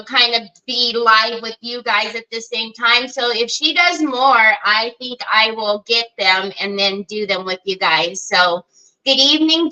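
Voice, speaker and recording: A woman's voice: on the high side, pushed and bright, poor audio. A middle-aged woman hosting a live crafting stream, chatty, greeting viewers by name with many fillers. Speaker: crafting livestream host.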